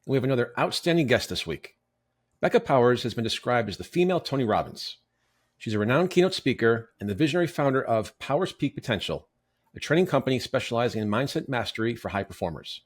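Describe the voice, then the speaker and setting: Brisk male podcast host. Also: medium pitch, big pitch swings. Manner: brisk, reads intro with small self-corrections. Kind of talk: scripted guest introduction and interview.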